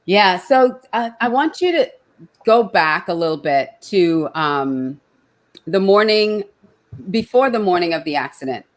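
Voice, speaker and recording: A woman's voice: on the low side, lively intonation, unhurried. A woman hosting an online interview show, effusive and fumbling over her words, with many fillers. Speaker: show host.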